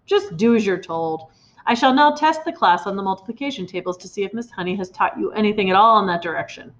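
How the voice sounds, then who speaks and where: A woman's voice: medium pitch, animated, quick pace, a bit bright, close to an everyday voice. A woman voicing a huge, bullying headmistress who bellows insults and drips with sarcasm, read from a storybook in a slightly muffled recording. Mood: scornful.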